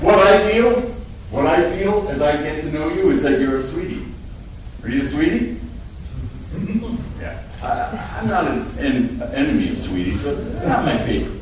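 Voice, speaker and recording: Animated man teaching an acting workshop. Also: on the high side, moderate pace. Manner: animated, laughing, swearing freely. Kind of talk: workshop talk to a live audience. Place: large hall with audience. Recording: echoey hall, far mic, audience noise.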